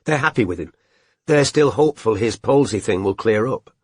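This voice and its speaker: A man's voice: lowish voice, animated, normal speed, breathy edge, dry recording, studio quality. A man voicing a young woman detective who is tearful and shaken, with a strained, breaking voice. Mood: subdued.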